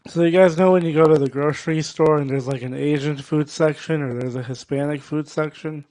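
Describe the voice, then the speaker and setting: A male stand-up comic performs a set on stage, his voice sitting a little high for a man. He talks loud and profane, egging the audience on between jokes. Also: fairly even intonation, brisk. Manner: loud, profane, crowd-work banter. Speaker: stand-up comedian. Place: comedy show stage.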